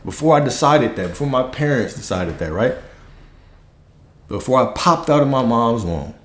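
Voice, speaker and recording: A man's voice: medium pitch, animated, moderate pace, reverberant, slight background noise. A man giving a casual spiritual teaching talk, often checking in with "right?" and "okay?", and swearing now and then.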